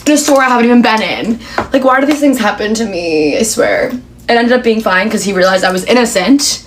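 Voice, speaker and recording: A woman's voice: fairly high pitch, lively intonation, brisk, slight background noise. Exasperated young woman telling a story. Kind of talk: casual storytime vlog.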